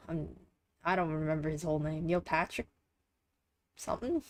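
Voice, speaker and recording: A woman's voice: low voice, moderate pace, darkish tone. A tired young woman with a congested, nasal voice, rambling casually through a recap with lots of fillers and swearing.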